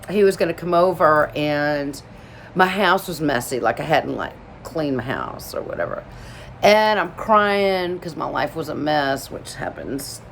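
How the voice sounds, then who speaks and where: A woman from Alabama tells a personal story to camera in an emotional, rambling way, full of "like" fillers. Her voice sits low for a woman. A faint hum runs behind her. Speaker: vlogger telling a personal story.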